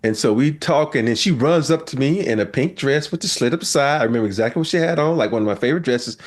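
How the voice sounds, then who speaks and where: Guy in his 50s, podcast host, storytelling, super lively voice, acts out quotes. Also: mid-range voice, fast talker. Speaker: podcast host, former basketball player. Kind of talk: casual storytelling chat.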